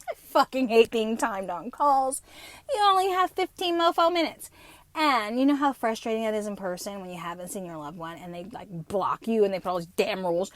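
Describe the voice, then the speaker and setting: 50-something woman rambling on her podcast, cussing a lot, voice kinda high and bouncing all over, dry close sound. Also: normal speed, dry recording. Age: 50s. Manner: profane, animated storytelling with laughs. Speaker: podcast host. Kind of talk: casual solo chat.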